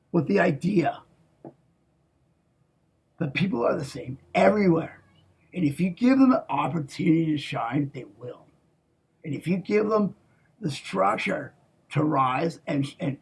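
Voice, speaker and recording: Casting: raspy, fairly high-voiced man, rambling and profane, hushed to shouting. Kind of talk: rambling monologue.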